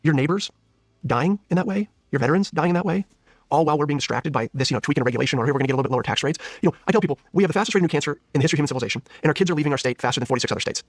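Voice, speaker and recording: Guy in his 30s, political guest, earnest, husky voice, rattles along fast. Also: on the high side, animated, no room sound. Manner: earnest, searching, many restarts. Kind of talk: interview conversation.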